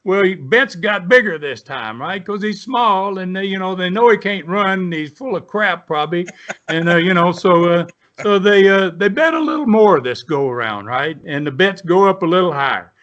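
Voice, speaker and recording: A man's voice: high voice, lively intonation, normal speed, a bit bright. A man, a retired wrestler telling rambling, salty stories in an interview. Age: 70s. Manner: folksy, rambling storyteller with salty language. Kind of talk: storytelling interview. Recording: dull lo-fi sound.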